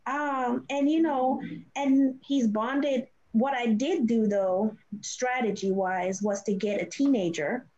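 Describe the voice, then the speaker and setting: Lively middle-aged woman, animated storyteller. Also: on the high side, slow pace, hardly any pauses. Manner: animated, laughs often, acts out quoted voices. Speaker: foster and adoptive parent guest. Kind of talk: casual interview storytelling. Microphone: video call. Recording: dull lo-fi livestream audio.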